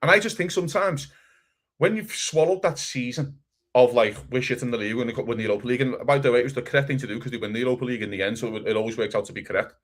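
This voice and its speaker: A man co-hosting a casual football chat, animated and swearing, acting out other people's quotes. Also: medium pitch, racing. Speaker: podcast co-host.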